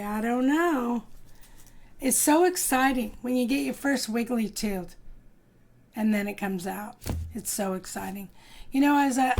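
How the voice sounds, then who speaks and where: A woman teacher reading a storybook to young children and leading a drawing lesson, in a slow sing-song manner with lively voices for the characters. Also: fairly high pitch, gravelly. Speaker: kindergarten art teacher.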